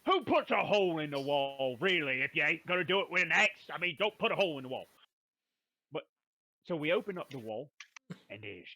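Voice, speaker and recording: A man's voice: fairly high pitch, pushed and bright. Rowdy man recapping a tabletop game. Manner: playful rough-talking brute drawl, "me brother", "we was". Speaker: player recapping the session.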